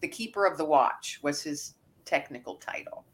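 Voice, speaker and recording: A woman's voice: low voice, lively intonation, normal speed. A woman author chatting earnestly as a podcast guest. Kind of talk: casual podcast interview.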